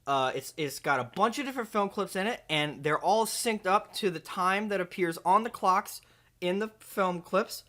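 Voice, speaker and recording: A man with a high, sharp-toned voice hosts a comedy video at a moderate pace. He plays an overconfident movie ranker who bumbles and rambles, stumbling over his words with many fillers and restarts.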